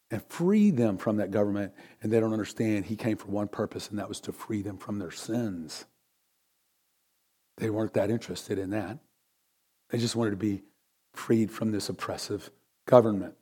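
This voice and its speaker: A man teaching a sermon, reading scripture aloud, and swinging from loud emphatic peaks to quiet low asides. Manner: reads scripture aloud and stresses key words. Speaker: preacher.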